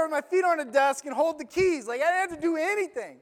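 A man with a very high voice preaches in an animated, conversational storytelling style, full of casual fillers. His voice rings out with a long reverb, as in a large church hall. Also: fast talker, few pauses. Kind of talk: sermon.

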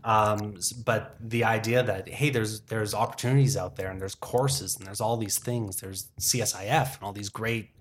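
A man's voice: on the low side, fairly even intonation, normal speed, few pauses, slight background noise. A man in his forties, a film industry worker chatting as a podcast guest, rambling and thinking aloud with many restarts. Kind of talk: casual interview chat.

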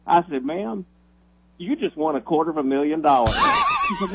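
A man who is a minister, telling a story on the radio in an animated, excitable way, often restarting his sentences. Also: on the high side, normal speed, slightly rough, no echo, low-quality recording.

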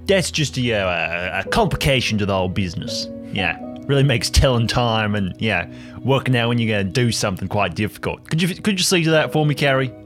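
A man's voice: medium pitch, animated, a little fast, fairly bright tone, soft background music, natural voice. A man doing a rambling folksy old dad. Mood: chatty. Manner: rambling, chatty, stumbling over words. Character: chatty older male father, folksy and grumbling.

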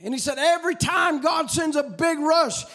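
Man, preacher, fiery revival sermon, shouting, chanting cadence, very high pitch. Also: moderate pace.

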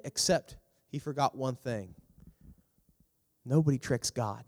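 Animated man preaching in a reverberant hall. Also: slow, pauses often. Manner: animated, acts out characters with big pitch jumps. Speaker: youth pastor. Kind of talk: youth sermon.

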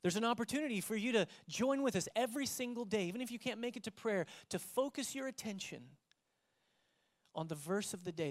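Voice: medium pitch, animated, fairly quick. Dynamic pastor preaching to a congregation. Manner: dynamic preaching, swings between loud emphasis and hushed tones; engages the congregation with direct questions. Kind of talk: sermon. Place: church before a live congregation.

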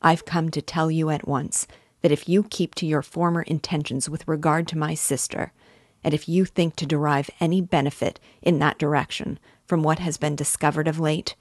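A gloomy, impatient young man, as a woman reads him from a storybook, blunt and pressing. Her voice stays low and dry throughout. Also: steady tone, moderate pace, dry recording.

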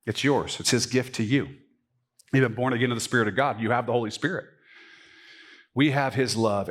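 A man who is a pastor preaching a sermon in a church, swinging from emphatic high points to quiet asides. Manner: animated, rising to emphatic peaks and dropping to quiet asides. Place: church sanctuary.

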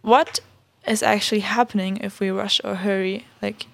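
A woman's voice: medium pitch, fairly even intonation, moderate pace, creaky, fairly bright tone. A woman hosting a casual chat show, upbeat and asking questions with frequent ums. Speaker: podcast host.

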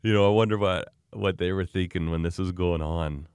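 A man's voice: low-pitched, fairly even intonation, brisk, a little mellow, clean tone, dry recording, studio quality. A man chatting casually on a podcast, rambling with fillers and restarts. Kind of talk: casual chat.

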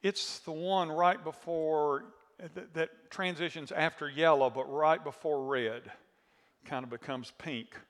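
A man preaching a sermon as pastor, telling a story with animated asides and questions to the congregation, his voice a little worn. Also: a little high, measured pace, big-room sound. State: voice worn from screaming.

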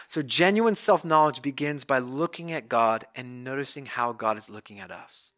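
A male pastor giving a conversational, animated sermon, retelling scripture as a story. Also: mid-range voice, normal speed, few pauses.

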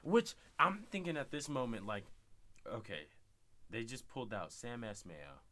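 A young man co-hosting a casual TV recap chat, reacting excitably. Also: mid-range voice, a little slow. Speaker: podcast co-host.

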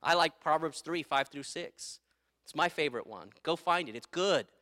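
A man's voice: a little high, animated, normal speed, pushed and bright. A middle-aged man preaching a sermon as pastor, emphatic and repeating his key phrases, with stories from his own life.

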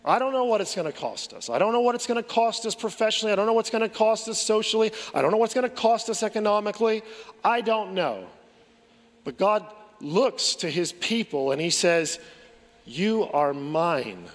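A man preaching a sermon as pastor, pressing forceful rhetorical questions and often repeating words as he builds a point. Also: high-pitched, brisk, in a large hall.

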